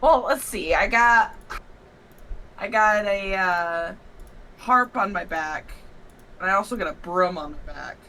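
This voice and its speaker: A woman chatting casually as a player in a tabletop game, giggly and thinking out loud. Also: mid-range voice, slow pace, long pauses, slight background noise, poor audio.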